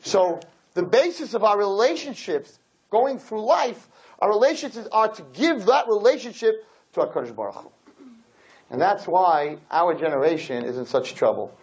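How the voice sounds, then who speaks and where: Man, religious lecture, live audience, animated, rhetorical questions, lively pitch, slightly muffled recording. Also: moderate pace. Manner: animated, acts out scenes, asks rhetorical questions.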